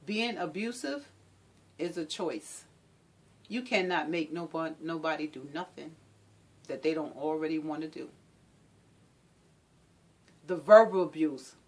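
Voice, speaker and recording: A woman's voice: sits low, slow pace, pauses often. A woman speaking as a domestic violence advocate, giving an impassioned talk with an emphatic, repetitive, preaching rhythm.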